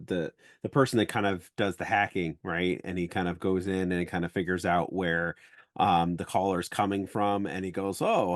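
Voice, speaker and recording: A man's voice: deep voice, no room sound, studio quality. A man hosting a podcast, talking in a loose, rambling way with many fillers. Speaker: podcast host. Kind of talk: casual interview chat.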